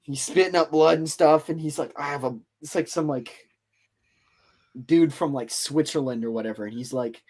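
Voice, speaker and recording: Male podcast host, slightly high pitch, loose and filler-heavy storytelling. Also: normal speed, darkish tone. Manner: rambling, filler-heavy retelling. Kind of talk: casual storytelling chat.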